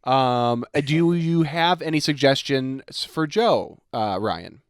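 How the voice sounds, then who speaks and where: A man's voice: medium pitch, slow pace, clear, resonant tone, no room sound, clean studio sound. A man hosting a casual podcast chat, easygoing and teasing. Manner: easygoing and teasing, with light laughs.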